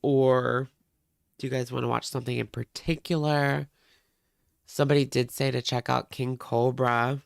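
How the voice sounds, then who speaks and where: A man's voice: mid-range voice, flat delivery, normal speed, creaky, no room sound, clean studio sound. A man hosting a reaction livestream, chatting casually with viewers in a rambling way.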